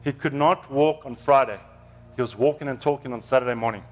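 A man's voice: medium pitch, a little fast. A man, preaching a storytelling sermon in a church in an earnest, emotional, conversational way.

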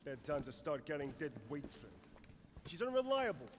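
Scornful male mercenary in a game; sharp swings in pitch, heavy noise behind. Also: very animated, normal speed. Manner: scornful, blunt. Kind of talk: video game cutscene acting. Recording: game audio with long reverb and noise.

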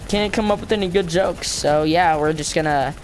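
A man's voice: on the high side, normal speed, a little hiss or hum. A man giving goofy, joking commentary over gameplay, making sound effects. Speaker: gamer commentator.

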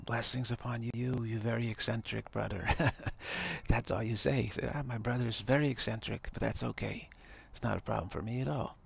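Gravelly-voiced man giving an emphatic talk. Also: mid-range voice, fairly bright tone. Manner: emphatic, repeats phrases, chuckles often. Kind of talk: live-streamed spiritual talk.

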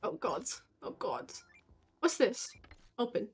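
A young woman with a high voice talks through a game in a slow, unhurried way. She swears freely and shouts at enemies. Faint game music plays under her voice. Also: sing-song, breathy edge. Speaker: game streamer. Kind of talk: casual gameplay commentary.

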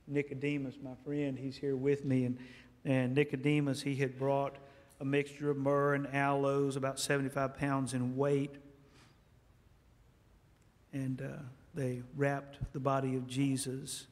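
A man preaching a sermon as a guest speaker, telling stories in a lively way and acting out dialogue in a church. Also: medium pitch. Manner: animated storytelling, acts out dialogue. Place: church sanctuary. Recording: echoey church hall.

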